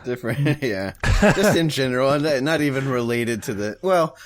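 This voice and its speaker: A married adult man co-hosts a podcast in a medium-pitched, expressive voice at a moderate pace. The chat is casual and rambling, with frequent laughter and free swearing.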